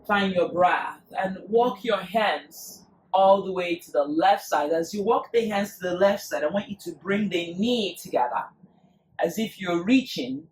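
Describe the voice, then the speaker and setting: A yoga teacher leads a class in an unhurried, soothing way, pacing each cue to the breath. The voice sits back from the mic in a roomy space with a clear echo, and gentle music plays faintly beneath. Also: mid-range voice, recorded from a distance. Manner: slow, soothing cues paced to the breath. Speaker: yoga instructor. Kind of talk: guided yoga class instruction.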